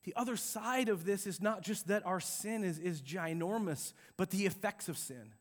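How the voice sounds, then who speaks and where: An animated male pastor with a high voice preaches a sermon at a moderate pace, keeping it conversational and acting out the quotes he cites. He's in a church sanctuary that has a balcony.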